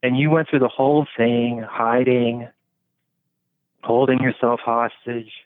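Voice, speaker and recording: A man's voice: medium pitch, fairly even intonation, measured pace, no room sound. A man talking casually and philosophically, rambling with many fillers and swearing freely. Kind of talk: casual conversation. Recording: dry, tinny phone-like sound.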